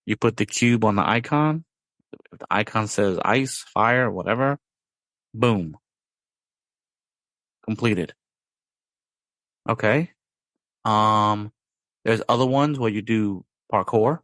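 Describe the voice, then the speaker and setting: Low-voiced man rambling on a podcast. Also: a little slow, long pauses, fairly bright tone, no echo. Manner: rambling, with sound-effect words like bam and boom. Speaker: podcast host. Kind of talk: casual chat.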